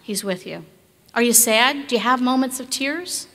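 A woman preaching a sermon with emphatic rhetorical questions, at times dropping to a hush. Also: on the high side, animated, moderate pace, in a large hall.

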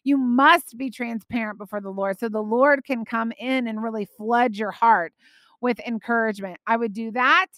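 A woman hosting a faith podcast, talking in an earnest, animated and encouraging way. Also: a little high, moderate pace, no room sound. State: out of breath. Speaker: podcast host.

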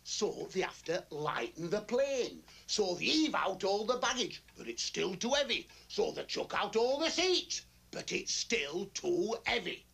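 A man telling a joke in a slow, gravelly voice. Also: high-pitched, very animated, a bit bright.

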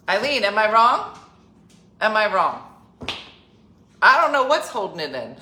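A woman's voice: medium pitch, slight background noise. A woman of fifty telling a joking, exasperated story in a casual chat. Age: 50s. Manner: animated, exasperated, joking rant. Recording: roomy echo.

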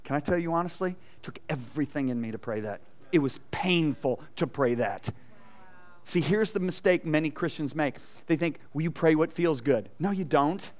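A middle-aged man preaching a sermon in a church, telling a personal story with animated asides and questions to the congregation. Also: a little high, moderate pace. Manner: animated storytelling, acting out quotes, asking the audience questions. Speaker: pastor. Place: church sanctuary.

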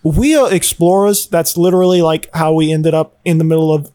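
A man playing a tabletop game, cracking deadpan jokes. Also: on the high side, a little fast. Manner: deadpan, joking. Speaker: player. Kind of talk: casual tabletop role-play.

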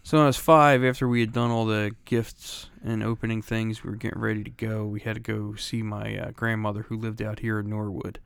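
A man's voice: fairly low pitch, little pitch movement, brisk, vocal fry, hardly any pauses, clear, resonant tone. A middle-aged man from Philadelphia, co-hosting a podcast, telling a profane, laughing story in casual chat. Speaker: podcast co-host. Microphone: close studio mic.

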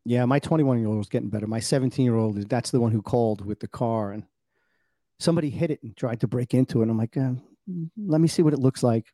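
A man's voice: medium pitch, fast talker, mellow, no room sound. A man in his sixties hosting a podcast, chatting in an easygoing way and agreeing with his guest. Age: 60s. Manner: easygoing, agreeing, laughing along. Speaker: podcast host. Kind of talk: casual podcast chat.

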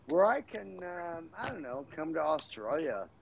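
A man's voice: a little high, sing-song, normal speed, gravelly, a little hiss or hum, rough recording. A man chatting as a podcast guest, making crude jokes and laughing often. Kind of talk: casual chat.

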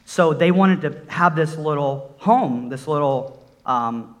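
A man's voice: on the high side, slow. A middle-aged man preaching a sermon, telling a personal testimony in an earnest storytelling way that builds into emphatic exhortation.

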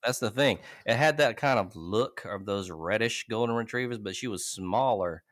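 A man co-hosting a podcast, telling a casual, profane story with lots of laughter and loud quoted lines. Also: lowish voice, moderate pace, no room sound, clean studio sound. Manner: animated, laughing, loud quoting bursts. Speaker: podcast co-host.

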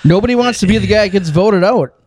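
Blunt, higher-voiced young man. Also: fast, darkish tone. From Wisconsin. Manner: blunt, dismissive. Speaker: podcast co-host. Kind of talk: casual chat.

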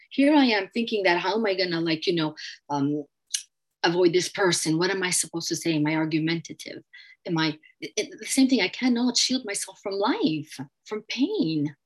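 A woman's voice: on the low side, breathy edge. A woman giving an earnest personal share at a recovery meeting, often repeating and restarting her phrases.

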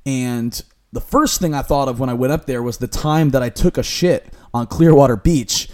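A man's voice: medium pitch, normal speed, a little mellow. A young man hosting his own podcast, talking earnestly in an upbeat coaching way as a lifestyle coach. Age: young adult. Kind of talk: solo motivational podcast talk. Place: Florida.

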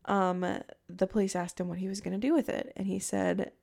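A woman's voice: medium pitch, steady tone, fairly quick, vocal fry, few pauses, mellow. A young woman hosting a podcast, telling a true-crime story in a chatty way and thinking aloud with fillers. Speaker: podcast host.

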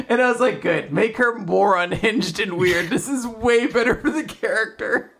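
Animated woman retelling a story. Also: a little high, normal speed, a little hiss or hum. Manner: animated retelling, acting out quotes with laughs. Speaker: podcast co-host recapping manga. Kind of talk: casual chat.

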